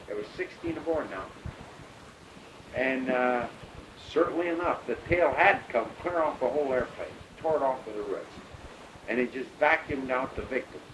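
An older man, a pilot, recounting his past in a rambling, halting way full of fillers. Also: medium pitch. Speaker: bush pilot telling his story. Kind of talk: oral history storytelling. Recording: noisy recording.

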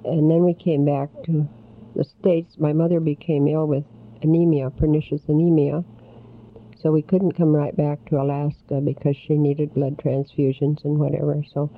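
An older man recounting his childhood in an oral history interview, in a slow, halting way. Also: a little high, vocal fry, narrow, tinny audio.

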